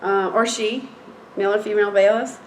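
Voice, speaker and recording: A middle-aged woman court reporter telling a story in a blunt, animated way, with plenty of fillers. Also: mid-range voice, a little fast, a little hiss or hum. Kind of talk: anecdotal storytelling in a seminar chat. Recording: roomy echo.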